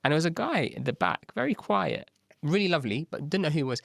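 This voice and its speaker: Gravelly man telling stories. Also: on the high side, fast talker, no room sound, studio quality. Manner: animated, acts out quoted dialogue, frequent "right?". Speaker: agency founder, podcast guest. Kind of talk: casual storytelling interview.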